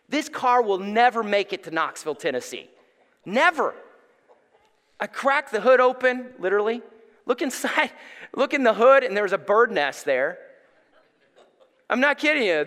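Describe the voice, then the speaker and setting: A man preaches a lively sermon, telling stories with energy that swells toward near-shouts. His voice sits high and sounds bright and forceful. It rings with the long reverb of a church sanctuary, picked up by a stage microphone. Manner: animated storytelling, rising to near-shouts. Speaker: pastor.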